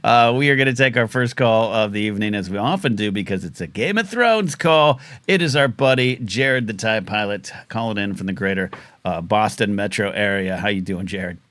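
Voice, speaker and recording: His throat still catching from a chip he choked on, this call-in host keeps up a rambling, joking, self-mocking talk-radio patter on a live show. The man's voice sits on the low side, a bit bright, at a moderate pace, with no echo.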